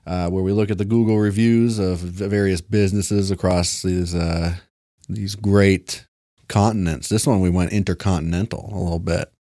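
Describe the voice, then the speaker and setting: A man's voice: sits low, fairly even intonation, normal speed, dark tone, dry recording, studio quality. A man co-hosting a comedy podcast, rambling in casual chat and laughing often. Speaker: podcast co-host.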